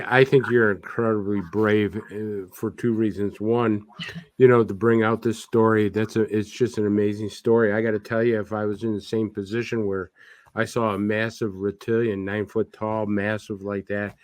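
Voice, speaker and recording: A man's voice: on the low side, fairly even intonation, normal speed, no echo. A male radio host interviewing a guest, joking and rambling before asking his question.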